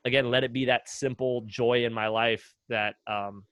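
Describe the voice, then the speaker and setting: A man's voice: mid-range voice, normal speed, clean tone, no room sound. A young man talking casually on a podcast, telling stories with lots of fillers and acted-out quotes. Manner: relaxed storytelling with many fillers, acts out quotes. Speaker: guest, retired runner.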